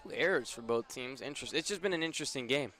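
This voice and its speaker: A young man doing brisk radio play-by-play of a baseball game, his voice rising on big plays. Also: mid-range voice, expressive, bright, forceful tone. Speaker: play-by-play announcer.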